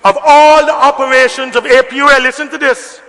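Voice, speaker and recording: A very high-voiced man delivers a forceful, bright-toned parliamentary speech, hammering his points with repetition and bursts of shouting. His voice rings with the long reverb of a debating chamber. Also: flat delivery, fairly quick. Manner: emphatic, repetitive oratory, rising to shouts. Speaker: member of parliament.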